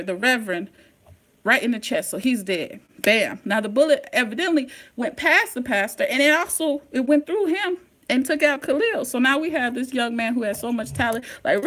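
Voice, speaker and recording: A woman hosting a casual live-stream recap, talking straight to her viewers in an excitable, slangy way. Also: on the high side. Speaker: TV recap host.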